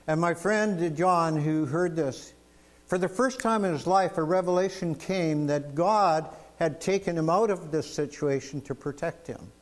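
A man's voice: a little high, a little mellow. Man preaching a storytelling sermon. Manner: storytelling, emphatic, asks "amen?". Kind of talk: sermon with testimonies.

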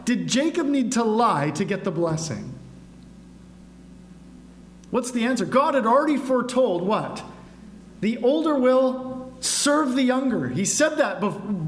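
Male pastor, sermon, high voice, rhetorical questions, echoey church room, faint hum. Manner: asks the congregation rhetorical questions. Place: church sanctuary.

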